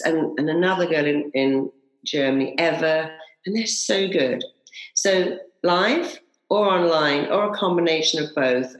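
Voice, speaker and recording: A woman's voice: low voice, echoey room, rough recording. A woman who trains hypnotherapists, telling stories emphatically in an interview and acting out inner voices. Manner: emphatic, acts out inner voices, repeats slogans. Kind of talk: animated interview storytelling.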